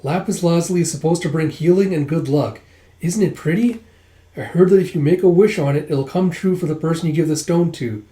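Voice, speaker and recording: An earnest young princess, as a man puts her on while reading a comic aloud, speaking in a raised, soft, girlish voice. The tone stays mellow, and the sound carries an echoey room behind it. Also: a little high, fairly quick, voice pushed up, natural voice. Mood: tender.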